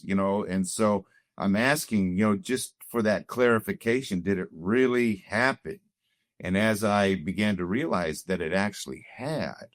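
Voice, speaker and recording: A man's voice: lowish voice, dry recording. A middle-aged man earnestly telling a personal story in a conversation, reflective and full of "you know" fillers. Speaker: guest telling his marriage story.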